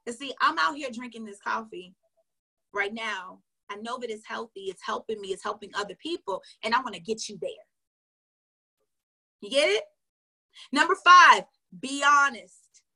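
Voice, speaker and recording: A woman's voice: on the high side, expressive, moderate pace, long pauses, bright, forceful tone, husky. A woman sales coach giving casual, emphatic advice straight to her viewers, chatty and often laughing. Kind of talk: casual motivational coaching talk. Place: recorded for an online video.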